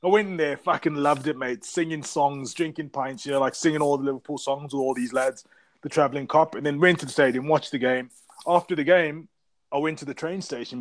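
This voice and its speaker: A man's voice: a little high, no room sound. A man from Africa, telling stories in casual, profane chat as a podcast co-host. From South Africa. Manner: rambling, profane storytelling.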